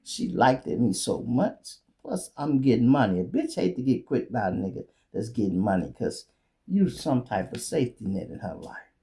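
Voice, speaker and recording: A man's voice: medium pitch, big pitch swings, moderate pace, dark tone. A male show host telling a blunt, profane comedic story in a streetwise manner.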